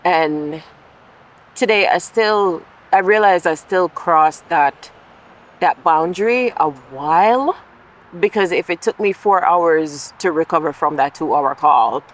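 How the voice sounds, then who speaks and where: A woman's voice: fairly low pitch, slow pace, low-quality recording. A woman vlogger in a casual monologue, candid and reflective, talking through her feelings aloud with the odd swear word. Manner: occasional swearing.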